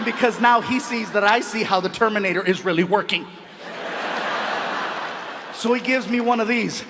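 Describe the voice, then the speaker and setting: A man doing live stand-up, animated, laughing at his own lines and yelling for effect on a stage mic. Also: high-pitched, normal speed, long reverb tail, a little hiss or hum. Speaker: stand-up comedian and host. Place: comedy stage before a live audience.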